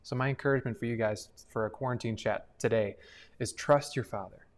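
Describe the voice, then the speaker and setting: A man's voice: mid-range voice, fairly even intonation, brisk. Earnest young man giving a devotional. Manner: earnest and conversational, with frequent fillers. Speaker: youth ministry leader. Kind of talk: devotional talk on a livestream.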